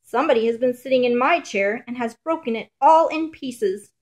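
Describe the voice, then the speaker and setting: Baby bear voiced by a woman, little, shrill, high, storybook. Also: normal speed, close to an everyday voice. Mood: upset. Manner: shrill, small voice.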